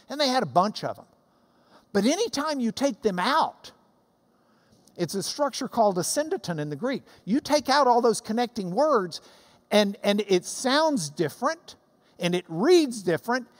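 Emphatic Bible teacher in a reverberant hall. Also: medium pitch. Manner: emphatic and explanatory.

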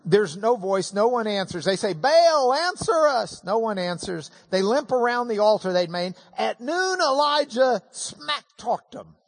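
A man's voice: high voice, expressive, a little slow, few pauses. A man preaching a sermon, telling the story with humor and emphatic swings. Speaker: pastor.

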